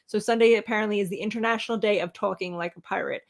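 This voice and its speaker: A woman's voice: medium pitch, fairly even intonation, rapid-fire, creaky. A woman in her thirties co-hosting a casual livestream, teasing and rambling as she reads out viewer names, heard through a webcam. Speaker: co-host of a livestream show.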